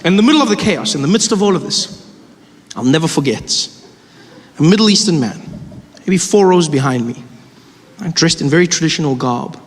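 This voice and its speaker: A man telling a story on a stand-up stage, animated and acting out voices. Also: fairly high pitch, moderate pace, pauses often. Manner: animated, acts out other voices. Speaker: stand-up comedian. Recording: stage with long reverb, faint ambience.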